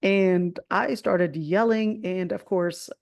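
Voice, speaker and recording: A woman with an American accent teaching a religious lesson in a conversational way, often saying "of course" and growing animated as she tells a personal story. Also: lowish voice, slow, gravelly, no room sound, clean studio sound. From Jordan. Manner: conversational, many "of course" fillers; animated when retelling the story. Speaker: Quran teacher.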